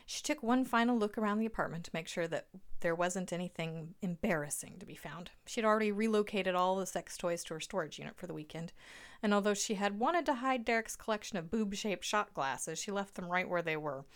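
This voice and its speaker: A woman's voice: mid-range voice, lively intonation, fairly quick. A woman narrating a story aloud in a dry, wry manner.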